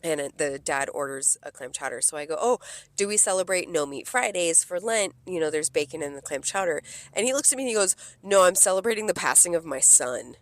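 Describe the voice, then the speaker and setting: A woman's voice: low voice, animated, brisk, no echo. A young woman co-hosting a podcast, telling a work story in casual chat, swearing freely and acting out what her customers said. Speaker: podcast co-host.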